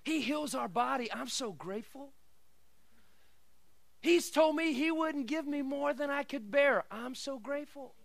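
A middle-aged man preaching a sermon, swinging from quiet asides and laughter to shouted declarations. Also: extremely high pitch, a little slow, gravelly, dry recording. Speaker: pastor.

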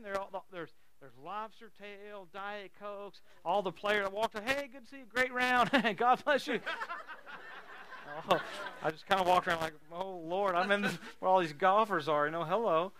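A man preaching a sermon, telling stories in an animated, folksy way and laughing often. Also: sits high. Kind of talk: sermon with storytelling.

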